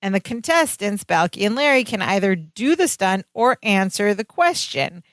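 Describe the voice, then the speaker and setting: A woman of middle pitch recaps a sitcom on a podcast in easy, animated chat. The close microphone gives a dry, tight sound with little room around it. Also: moderate pace, dry recording. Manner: animated retelling, acting out quotes in higher voices. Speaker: podcast co-host.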